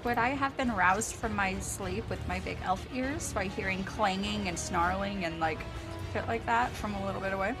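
A woman's voice: mid-range voice, normal speed, music in the background, low-quality recording. A woman playing a tabletop role-playing game, asking chatty questions about her character. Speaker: player. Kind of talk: casual tabletop play.

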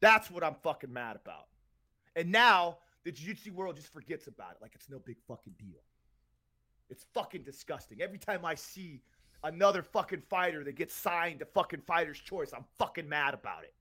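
A man's voice: on the high side, animated, fairly quick, sharp tone. Angry, profane man ranting. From Tampa, Florida. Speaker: podcast co-host. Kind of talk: heated podcast rant.

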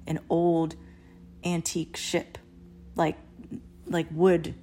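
A woman's voice: low voice, flat delivery, slow pace, mellow, slight background noise. A woman host casually recounting a long dream, rambling with many fillers and restarts and swearing freely. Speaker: podcast host. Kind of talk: casual storytelling monologue.

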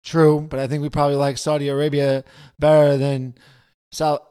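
A man's voice: on the high side, flat delivery, moderate pace, warm tone, smooth. A man co-hosting a casual sports podcast, dry and blunt in his remarks. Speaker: podcast co-host.

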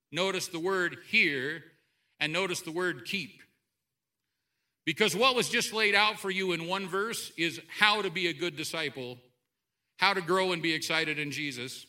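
A man preaching a sermon to a church congregation, animated, swinging between loud outbursts and quiet asides. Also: on the high side, a little slow. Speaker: pastor. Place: church sanctuary.

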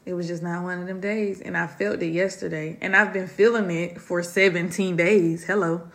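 Candid gravelly woman confiding. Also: on the low side, fairly even intonation, normal speed, fairly bright tone. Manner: heartfelt, confiding, addresses listeners as y'all. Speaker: podcast host. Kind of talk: candid solo podcast talk. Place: home dining room.

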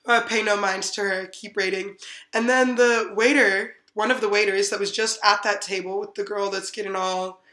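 A woman's voice: medium pitch, steady tone, normal speed, pushed and bright. A woman hosting a podcast, telling a story in casual chat, laughing often and acting out what people said. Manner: giggly, acts out quotes with many "like"s. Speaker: podcast host. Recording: echoey room.

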